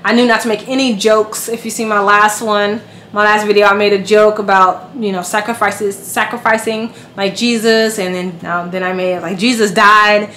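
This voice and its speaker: A woman in her thirties telling a personal story in casual vlog style, lively and acting out the voices of others. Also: medium pitch, normal speed. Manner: animated, acts out quoted voices. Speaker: vlogger. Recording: echoey room with faint noise.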